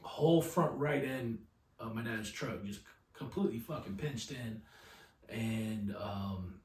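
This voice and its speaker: A man co-hosting a podcast, telling a drunken story with heavy swearing and lively voice impressions. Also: lowish voice, takes it slowly. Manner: profane, animated storyteller, mimics voices. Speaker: podcast co-host. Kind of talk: casual storytelling chat. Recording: roomy, distant mic.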